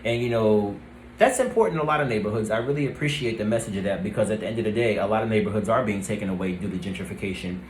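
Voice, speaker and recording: A man giving a casual, rambling recap of a TV episode, often pausing with "let's see" and "um". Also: on the low side, slight background noise. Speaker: TV review vlogger. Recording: roomy echo.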